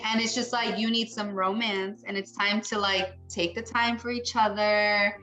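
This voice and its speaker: A woman's voice: mid-range voice, steady tone, normal speed, few pauses, pushed and bright, faint music behind. A woman giving a psychic mediumship reading, talking in a chatty, rambling way and acting out what the spirits say. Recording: echoey room.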